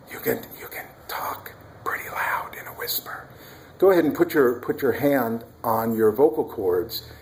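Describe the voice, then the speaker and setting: A man with a somewhat low voice tells a personal family story in a relaxed, chatty way. He pauses to demonstrate speech sounds and slips into whispers to illustrate his points.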